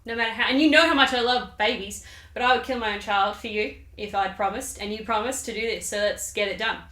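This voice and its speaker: A woman's voice: fairly high pitch, fast, bright, forceful tone, echoey room. A woman voicing a bossy, scheming noblewoman who talks in pushy, exasperated, casual slang.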